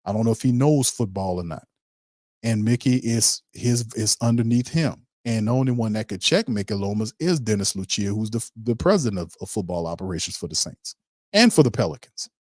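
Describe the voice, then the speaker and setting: A man's voice: lowish voice, expressive, a little fast, darkish tone, no room sound, clean studio sound. A man hosting a sports show, ranting heatedly and calling on his chat to agree. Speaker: sports podcast host. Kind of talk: opinionated sports commentary.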